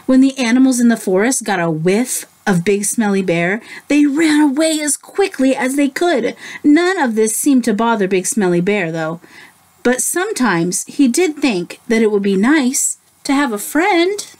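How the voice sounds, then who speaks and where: A woman teacher reading a picture book aloud to children, gently stopping to ask them questions. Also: on the high side, big pitch swings. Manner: slow, gentle, asks the listeners questions. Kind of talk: children's story read-aloud.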